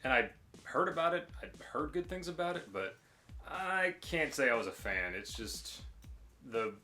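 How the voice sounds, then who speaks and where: A man co-hosting a casual collecting video, talking in a relaxed, hesitant way with lots of ums. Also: on the high side, normal speed. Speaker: co-host. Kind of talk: casual collection show-and-tell.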